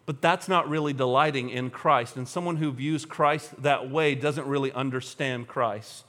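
A man preaching a sermon to a congregation in a church, animated and humorous, acting out everyday scenes. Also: mid-range voice, normal speed. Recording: long hall reverb.

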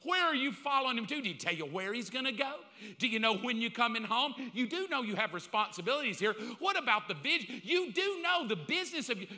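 An exasperated wife firing off nagging questions, one after another, as a male preacher puts her on. The voice sits high and bright and swings widely in pitch. Long reverb trails behind it, as in a big hall. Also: big pitch swings, heavily acted. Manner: rapid-fire nagging questions.

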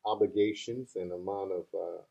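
A man's voice: low-pitched, steady tone, normal speed, gravelly, warm tone, poor audio. A man hosting a casual interview, encouraging his guest with many short agreements. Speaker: host.

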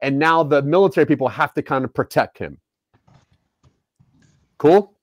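A man's voice: fairly high pitch, no echo. Dry-sounding man leading a brainstorm. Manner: animated, jumps into quick acted bits. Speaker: writer leading a story brainstorm. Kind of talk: casual creative brainstorming.

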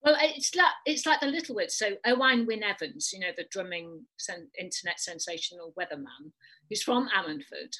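A woman's voice: medium pitch, lively intonation, normal speed, sharp tone, breathy edge, rough recording. A woman with a North Welsh accent, chatting casually and animatedly in rambling asides. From North Wales. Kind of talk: casual chat.

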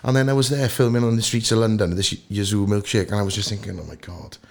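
A Welsh actor in his thirties, a guest in a casual podcast interview, telling lively anecdotes. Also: lowish voice, fast talker. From Wales. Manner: animated storyteller who acts out anecdotes.

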